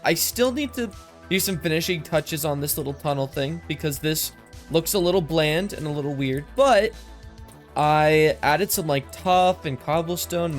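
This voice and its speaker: Male gaming commentator, slightly high voice, relaxed rambling delivery, lisp-like sibilance from mic filters. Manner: chatty, rambling, easily amused. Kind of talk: casual game commentary. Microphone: desk mic with processing filters.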